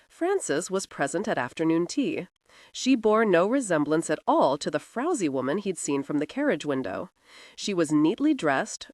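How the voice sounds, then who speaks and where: A woman narrating a historical romance audiobook in an expressive, dramatic reading. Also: lowish voice, no echo, studio quality.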